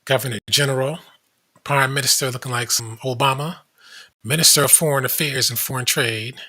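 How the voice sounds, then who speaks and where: A man's voice: mid-range voice, fairly even intonation, brisk, pushed and bright, husky. A man hosting a commentary show, casually reading web pages aloud with blunt asides. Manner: blunt, reads aloud from screen, frequent asides.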